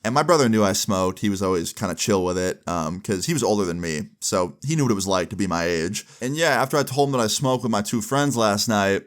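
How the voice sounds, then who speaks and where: A man's voice: on the low side, fairly quick, few pauses. A young adult man casually narrating a personal story, full of "like" fillers and acting out quoted dialogue. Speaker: storytime vlogger.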